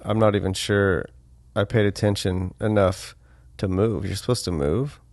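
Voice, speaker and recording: A man's voice: lowish voice, moderate pace, a little mellow, no room sound. A man co-hosting a casual podcast chat, chiming in with dry, wry comments. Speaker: podcast co-host.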